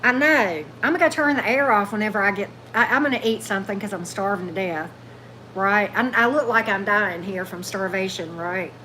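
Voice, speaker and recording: A woman's voice: medium pitch, brisk, bright, forceful tone, slight background noise, rough recording. A woman hosting a tarot livestream, chatting loosely and answering viewer comments as they come in. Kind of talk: casual livestream chat with viewers.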